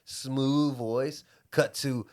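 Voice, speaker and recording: A man co-hosting a podcast, telling stories in an animated, laughing way and mimicking radio voices. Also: medium pitch, extremely slow. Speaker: podcast co-host. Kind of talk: casual chat.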